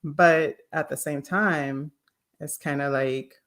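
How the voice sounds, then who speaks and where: A woman's voice: low voice, fairly even intonation, slow, fairly bright tone. A woman guest in a casual conversation, chatty and musing as she thinks aloud. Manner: chatty, musing, many fillers.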